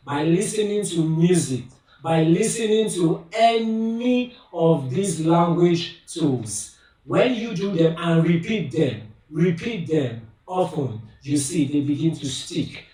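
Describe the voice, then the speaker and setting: A man giving a spoken language lesson, slow and emphatic, with fillers and rhetorical questions. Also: fairly high pitch, darkish tone. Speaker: language teacher and company head. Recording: very echoey room, far from the mic.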